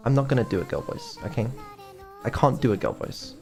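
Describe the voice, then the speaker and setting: A man's voice: mid-range voice, big pitch swings, brisk, a little mellow. A man hosting a stream, explaining his work casually, hesitant with many ums and casual swearing. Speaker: developer and stream host.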